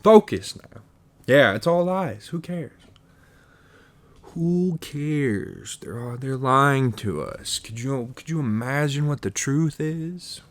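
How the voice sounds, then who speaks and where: A man's voice: mid-range voice, lively intonation, unhurried, few pauses, fairly bright tone. A man hosting a podcast, musing in a profane, stream-of-consciousness comedic monologue full of restarts and stumbles. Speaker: podcast host.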